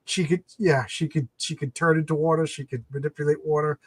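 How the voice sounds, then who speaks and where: A man's voice: fairly high pitch, steady tone, brisk, breathy edge, no room sound. A man hosting a casual late-night comics live stream, rambling as he retells comic plots.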